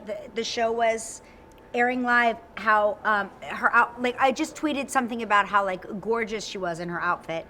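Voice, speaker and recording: A woman in her forties co-hosting a talk show, telling stories in a bubbly, rapid way full of fillers. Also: a little high, bright, forceful tone, a little hiss or hum. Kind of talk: animated interview chat.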